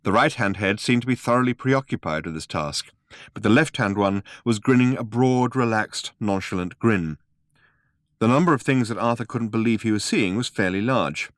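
A man narrating a comic science-fiction story in a measured, wry way. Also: fairly low pitch, dry recording, clean studio sound. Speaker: audiobook narrator. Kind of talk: scripted narration.

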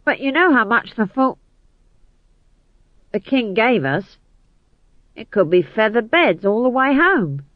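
A man's voice: extremely high pitch, sing-song, takes it slowly, pauses often, dry recording, lo-fi sound, voice pushed up, full character voice. A man voicing a wistful, evasive male troupe boss in an audiobook reading. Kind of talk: audiobook narration.

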